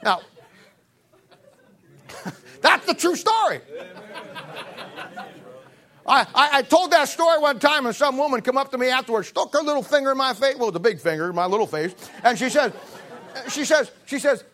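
A man's voice: very high voice, expressive, moderate pace, pauses often, a bit bright, some chatter behind. A man preaching in a folksy, joking storytelling style, often repeating himself. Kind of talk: storytelling sermon.

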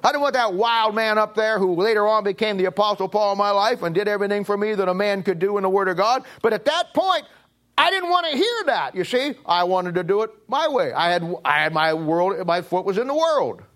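A middle-aged man preaching a sermon, telling a personal story and swinging from emphatic peaks to low, quiet stretches. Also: lively intonation, fairly quick. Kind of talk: sermon testimony.

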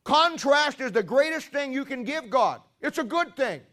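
A man with a strikingly high voice preaches to a congregation. He asks them questions and leans hard into his key lines, rising into near-shouts when he drives a point home. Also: lively intonation, moderate pace. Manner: emphatic, questions the congregation and builds to loud stresses. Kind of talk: sermon.

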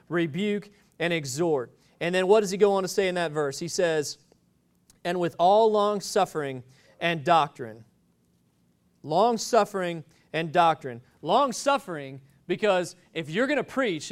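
A man's voice: high-pitched, clean tone. A man preaching a sermon, telling stories in a rambling, joking way with many restarts.

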